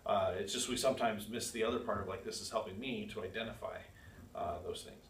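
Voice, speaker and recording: Male Bible class teacher, casual and questioning, low-ish voice, distant mic in a roomy space. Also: steady tone, fairly quick. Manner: conversational, reads verses aloud with emphasis, asks the class questions. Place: church classroom. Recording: echoey room, far from the mic, faint hiss.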